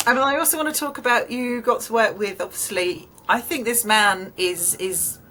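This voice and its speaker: A woman's voice: a little high, normal speed, pushed and bright, a little hiss or hum. A woman hosting an interview, chatting enthusiastically with laughs. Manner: enthusiastic, laughs, acts out quotes. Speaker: podcast host. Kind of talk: casual interview chat.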